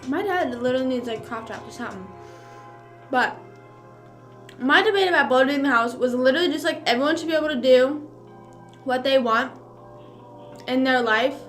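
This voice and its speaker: A woman's voice: high-pitched, normal speed, pauses often, fairly bright tone. Chatty young woman, music behind. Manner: rambling, filler-heavy, chewing while talking. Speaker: streamer. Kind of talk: casual mukbang chat.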